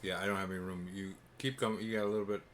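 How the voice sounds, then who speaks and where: A man's voice: low voice, flat delivery, rapid-fire, very noisy. A man playing a truck game alongside a friend, chatting casually, laid-back and teasing. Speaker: co-player. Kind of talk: casual gameplay chat.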